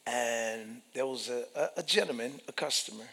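Gravelly preaching man in reverberant hall. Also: medium pitch, normal speed. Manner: preaching with big swings from whispers to shouts. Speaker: pastor. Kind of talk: sermon.

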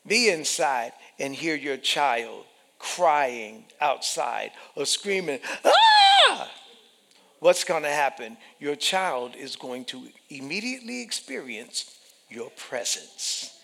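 A man preaching a sermon, emphatic and animated, repeating phrases and acting out the voices he quotes. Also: medium pitch, slow pace, creaky. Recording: long hall reverb.

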